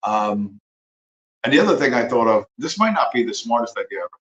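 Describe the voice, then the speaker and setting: A man's voice: mid-range voice, sing-song, brisk, fairly bright tone, highs cut off. Man, livestream host, rambling, swears a lot, sarcastic, echoey room. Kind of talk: casual rambling commentary.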